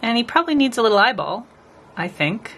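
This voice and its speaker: A woman's voice: on the high side, sing-song, fast, fairly bright tone. A woman nail artist chatting casually with her live stream viewers as she paints, rambling and talking to the chat.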